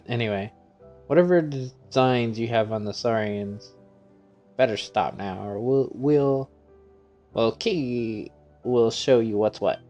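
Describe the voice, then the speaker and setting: A man's voice: medium pitch, lively intonation, a little slow, darkish tone, highs cut off, faint music behind. A man hosting a gaming channel, playfully reading every character's dialogue aloud himself while playing and laughing often.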